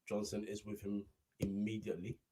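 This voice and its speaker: A man co-commentating on a football match, calling the play with excitable, quick-to-laugh energy. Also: fairly low pitch, breathy edge. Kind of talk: casual live football commentary.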